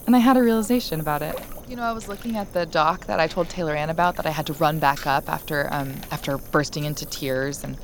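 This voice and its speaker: A woman hosting a podcast, telling a personal story in a candid, animated way and laughing now and then. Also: deep voice, fast, hardly any pauses, a little hiss or hum. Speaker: podcast host. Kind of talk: casual storytelling chat.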